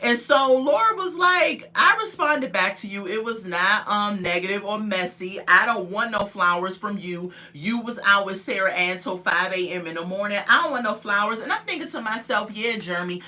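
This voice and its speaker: Bright-voiced woman recapping casually. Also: medium pitch, moderate pace, few pauses. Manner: animated storytelling, acts out quotes, laughs often. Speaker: reality show recap vlogger. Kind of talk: casual chat.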